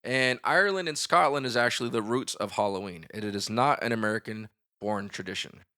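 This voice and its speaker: Bright-voiced father hosting a podcast. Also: on the low side, brisk. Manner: joking, reads facts aloud. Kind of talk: casual chat.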